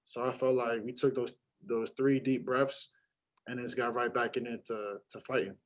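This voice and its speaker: Halting young man at a postgame presser. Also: medium pitch, level tone, low-quality recording. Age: young adult. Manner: halting, many fillers and restarts. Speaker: college basketball player. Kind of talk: postgame press conference answers.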